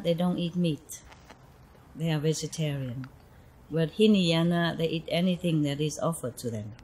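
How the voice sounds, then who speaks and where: A woman's voice: lowish voice, warm tone, husky, rough recording. A woman spiritual teacher giving an informal talk to her followers, telling stories in a chatty way and laughing often. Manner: chatty storytelling, frequent laughter, asides like "you know".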